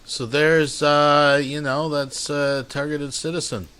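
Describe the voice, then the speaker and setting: A man's voice: fairly high pitch, little pitch movement, slow, a bit bright, clean tone. Rambling, profane man hosting a stream. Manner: rambling, profane, addresses viewers as folks. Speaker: streamer host. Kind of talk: casual reaction commentary.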